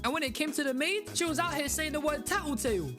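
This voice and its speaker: A man's voice: very high-pitched, quick pace. London man narrating over music. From London, England. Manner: animated, incredulous, rises sharply on punchlines. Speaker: video narrator. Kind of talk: scripted comedic commentary.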